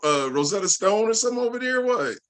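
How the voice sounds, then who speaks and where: A co-host teasing the host in quick, joking interjections on a live talk show. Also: medium pitch, sing-song. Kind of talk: casual live podcast chat.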